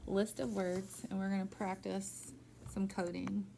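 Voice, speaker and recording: A woman's voice: mid-range voice, level tone, measured pace, gravelly, noisy background. A woman teaching reading one-on-one, prompting a student step by step with patient encouragement. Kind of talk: one-on-one phonics tutoring.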